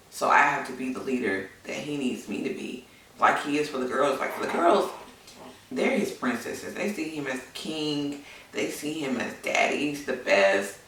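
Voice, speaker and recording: A woman whose voice sits low and sounds a bit bright tells a personal story in a frank, chatty way with plenty of fillers. She is a vlogger and new mother, captured in an echoey room by a distant mic.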